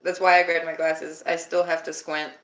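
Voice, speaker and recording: A woman's voice: deep voice, little pitch movement, normal speed, a bit bright, poor audio. A young woman from Alabama chatting casually on a live stream, laughing often and swearing freely.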